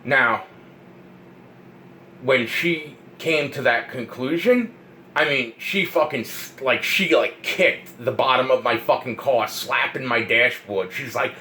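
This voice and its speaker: Profane, excitable man telling a story. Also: mid-range voice, slow, slight background noise, rough recording. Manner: profane, excitable, repeats himself. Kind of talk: rambling personal storytelling.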